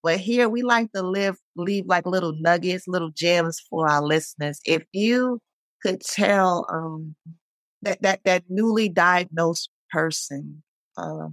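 A podcast host speaking haltingly with many fillers while thanking and questioning a guest. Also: medium pitch, fairly bright tone, no room sound. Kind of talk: conversational interview.

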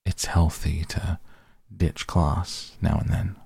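A man voicing a mysterious, teasing, guarded teenage boy in a low, unhurried tone. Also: steady tone, creaky, a little mellow, slightly rough, no room sound, studio quality, heavily acted.

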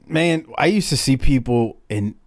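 A man's voice: mid-range voice, animated, unhurried, no room sound, studio quality. A man, a podcast co-host, chatting casually and laughing often as he brings up topics. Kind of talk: casual chat.

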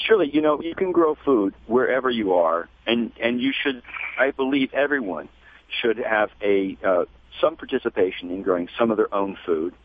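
A man talking as a guest in a radio interview, measured and spelling out web addresses slowly. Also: mid-range voice, expressive, slight background noise. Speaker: guest, gardening educator. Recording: tinny phone line.

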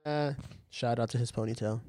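A man's voice: medium pitch, steady tone, a little fast, warm tone, dry recording. A man co-hosting a casual podcast, laid back and agreeable, swearing now and then. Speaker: podcast co-host.

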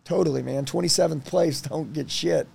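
A man in his thirties telling personal stories in a casual interview, blunt and animated, swearing freely. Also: a little high, normal speed, creaky, slightly rough. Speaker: guest.

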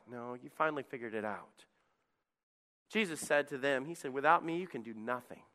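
A male pastor delivering an impassioned sermon, rising to loud appeals and dropping to hushed, quiet lines. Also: a little high, clear, resonant tone. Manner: impassioned preaching, swings between loud and hushed. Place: church sanctuary. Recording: long reverb of a church hall.

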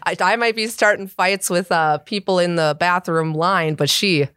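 A woman's voice: on the low side, fairly even intonation, moderate pace, fairly bright tone, clear, resonant tone, no room sound, studio quality. A woman in her twenties co-hosting a podcast, teasing and laughing often in casual chat. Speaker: podcast co-host.

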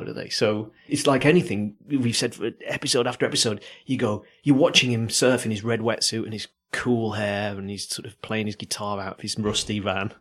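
A man's voice: fairly low pitch, breathy edge. A man co-hosting a surf podcast, rambling through playful stories in casual chat. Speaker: podcast co-host.

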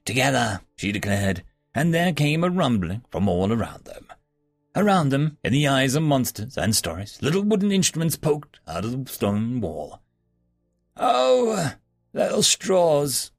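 A man's voice: medium pitch, sing-song, normal speed, no echo, studio quality, soft background music. A man narrating a fantasy story as an audiobook.

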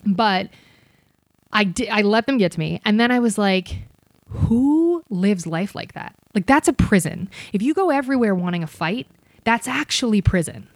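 Animated, profane woman telling a story. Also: medium pitch, normal speed, no room sound, studio quality. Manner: animated, profane, acts out others' voices. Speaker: comedian and podcast guest. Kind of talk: casual storytelling on a podcast.

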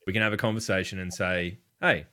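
A man's voice: low-pitched, animated, quick pace, pushed and bright. An Australian man hosting a gaming chat stream, laid-back and swearing freely, laughing often. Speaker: stream host.

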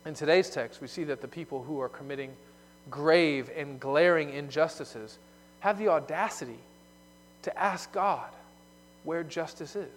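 A man's voice: fairly high pitch, a little slow, a little hiss or hum. Preaching man in a reverberant hall. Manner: explanatory preaching, shifting from loud emphasis to hushed asides. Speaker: pastor. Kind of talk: sermon.

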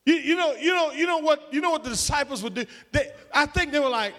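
A man's voice: very high voice, expressive, normal speed, fairly bright tone. A man preaching a sermon in an emphatic, call-and-response way, with folksy slang.

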